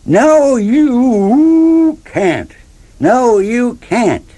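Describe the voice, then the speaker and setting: Shrill yelping farm dogs. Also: male voice, drawn-out words, full character voice. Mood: excited. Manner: yelping, high excited calls. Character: pack of farm dogs calling out.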